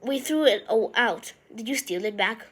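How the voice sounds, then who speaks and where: A woman's voice: fairly high pitch, moderate pace, a bit bright, husky. A woman voicing a determined teenage boy wizard, speaking urgently and commandingly.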